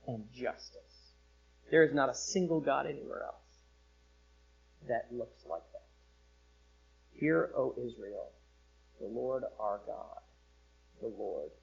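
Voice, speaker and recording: A man preaching a sermon as pastor, with expressive delivery that rises for emphasis and drops low. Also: breathy edge, highs cut off. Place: church sanctuary.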